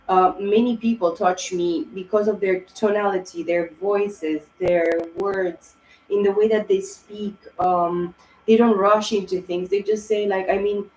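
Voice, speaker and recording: A woman's voice: mid-range voice, steady tone, measured pace, darkish tone, reverberant, a little hiss or hum, low-quality recording. A woman giving a tarot reading in a rambling, emotional way, with many fillers and restarts. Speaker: tarot reader. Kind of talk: casual tarot reading monologue.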